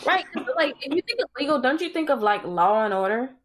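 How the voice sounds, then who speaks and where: A woman with a slightly high voice co-hosting a podcast in casual chat. She sounds skeptical and often questions the others. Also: very animated, fast, fairly bright tone, slight background noise. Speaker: podcast co-host.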